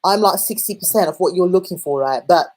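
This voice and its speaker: A woman putting on a bossy Cockney boyfriend type, a brash, controlling man who rattles his demands off fast. The voice has a husky grain to it. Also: lowish voice, darkish tone, lightly acted.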